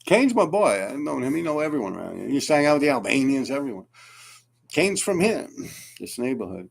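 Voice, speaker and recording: Gravelly profane New York man. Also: mid-range voice, fairly quick. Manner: animated, profane, laughs often. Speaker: graffiti writer telling stories. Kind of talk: casual storytelling.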